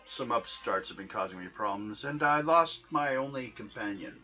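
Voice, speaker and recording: Man playing a vampire count, weak voice, formal and disdainful, sharp tone, faint music behind. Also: medium pitch, expressive, normal speed, muffled recording. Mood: weary.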